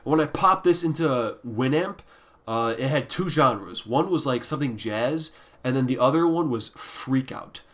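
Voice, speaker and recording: A man's voice: medium pitch, expressive, a little slow. Blunt, profane male music reviewer. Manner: trails off into quiet, deflated mutters. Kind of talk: casual ranking review.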